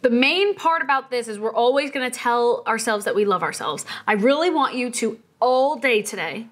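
A woman's voice: fairly high pitch, lively intonation, moderate pace, fairly bright tone. A young adult woman hosting her own vlog, talking in a bubbly, enthusiastic and encouraging way. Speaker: vlog host. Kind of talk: upbeat motivational vlog talk.

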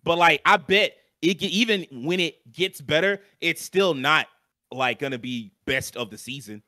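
Bright-voiced man in animated podcast chat. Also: on the high side, moderate pace, no echo. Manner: animated, swears freely, frequent fillers. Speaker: podcast co-host. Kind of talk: casual chat.

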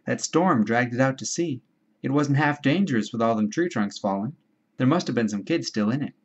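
A man's voice: medium pitch, fairly quick, husky, dull audio, close to an everyday voice. A man voicing an anxious, chubby schoolboy with asthma and glasses who talks ungrammatically and eagerly, in a storybook reading. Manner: fretful, ungrammatical, eager to please.

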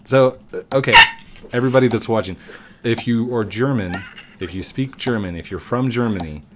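A man's voice: medium pitch, normal speed, over music. A man hosting a gaming video from his home setup, joking around with his son at a desk microphone. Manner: playful, joking banter. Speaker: gaming channel host. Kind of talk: casual chat with his son while gaming.

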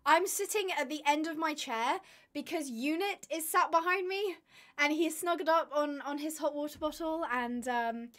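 A young woman live-streams and chats casually with her viewers in a high-pitched, slightly bright voice at a moderate pace. She is chatty and rambling and laughs often, but she sounds tired, with her voice giving out.

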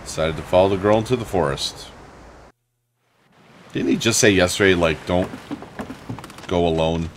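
A man's voice: sits low, normal speed, pauses often, slight background noise. A young man giving casual, sarcastic gameplay commentary as a let's play host, swearing freely and joking at the game.

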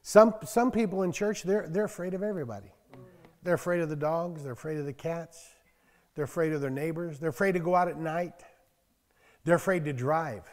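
This is a man in his sixties preaching to a small congregation, with a voice pitched a little higher than most men's. He talks in a folksy, storytelling way and breaks into loud emphasis when he reads scripture. The sound carries a long reverb from the church hall. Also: brisk. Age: 60s. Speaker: pastor. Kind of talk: conversational sermon.

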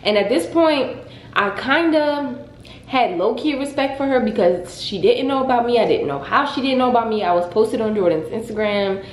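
A young woman casually telling a dramatic story on her vlog, in a lively, expressive way. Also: fairly high pitch, moderate pace, a little hiss or hum. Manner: dramatic, animated retelling. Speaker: vlogger. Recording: echoey room.

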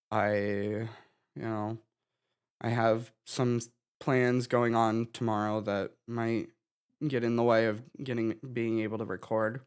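A young man giving a halting personal update to his channel, sighing and restarting his sentences, tearful from crying. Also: medium pitch, clean tone. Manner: halting, with many restarts and sighs. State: tearful, having been crying. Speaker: gaming YouTuber.

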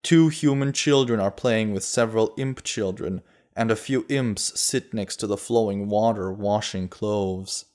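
A man narrating a fantasy audiobook in a steady, measured way. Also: lowish voice.

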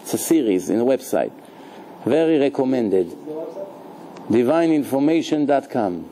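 A man, a rabbi, giving a live Torah lecture in a lively, joking way, questioning his listeners and sprinkling in Hebrew terms. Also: medium pitch, normal speed, slight background noise.

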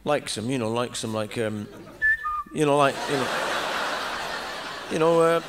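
A man's voice: mid-range voice, measured pace, very noisy. A man with a Northern English accent doing a rambling, chatty live stand-up monologue in front of an audience. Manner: rambling, chatty storytelling with asides. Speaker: comedian.

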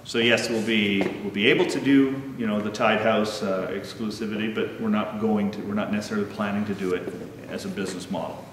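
A man's voice: on the low side, steady tone, fairly quick, few pauses, noisy background. A man who owns a brewery, talking eagerly in a casual interview, with lots of fillers. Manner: chatty, eager, many fillers. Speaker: brewery owner. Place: large unfinished building. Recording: echoey hall, from far off.

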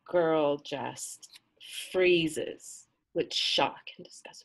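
A middle-aged woman and midwife telling a folk tale aloud, in a hushed, drawn-out way with dramatic pauses. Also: mid-range voice, poor audio. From US-Mexico border region. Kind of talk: oral storytelling.

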